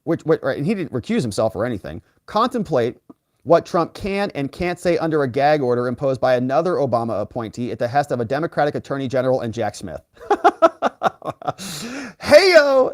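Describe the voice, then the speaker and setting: A man hosting a live legal commentary stream, reading out viewer comments and giving sarcastic, animated asides. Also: medium pitch, dry recording, clean studio sound. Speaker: lawyer and livestream host.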